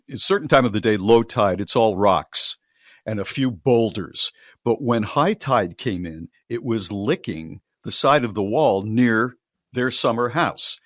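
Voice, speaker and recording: Low-voiced older man, dry studio mic. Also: no room sound. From Connecticut. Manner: relaxed, rambling recollection. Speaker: radio show host. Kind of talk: casual chat.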